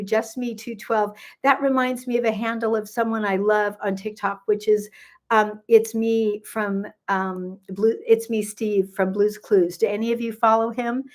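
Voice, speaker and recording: Her voice sits in the mid range. She's a woman in her sixties, almost seventy, who coaches on gut health and casually talks with viewers on a phone livestream, naming them as she greets them and rambling off on asides.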